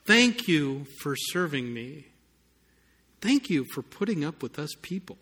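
Man, pastor, sermon, unhurried delivery, bright tone, emphatic storytelling. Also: a little high, big pitch swings, husky. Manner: storytelling, rising to emphatic peaks, some sarcasm.

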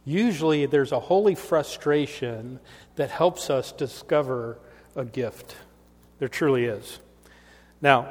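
A middle-aged male pastor delivering a sermon with storytelling and emphatic rises, in a church sanctuary. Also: medium pitch. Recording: long reverb of a church hall.

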